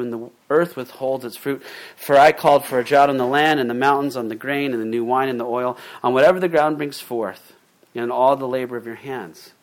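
A male pastor preaching a sermon in a conversational way, reading scripture and then retelling it in plain, casual words with fillers and restarts. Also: mid-range voice. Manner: reads scripture aloud, then paraphrases it informally.

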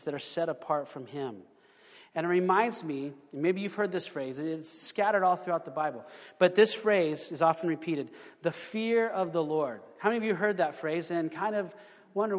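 A fairly high-pitched man preaching to a congregation in a casual, talky style, full of rhetorical questions and restarts. His voice rings with the long reverb of a church hall. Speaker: pastor. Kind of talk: sermon.

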